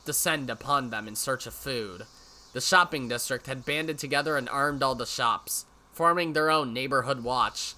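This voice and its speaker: A man reads a visual novel aloud as a let's play host, his voice very bright and tight. He drops wry, sarcastic comments between the narration, over a faint background hum. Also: medium pitch.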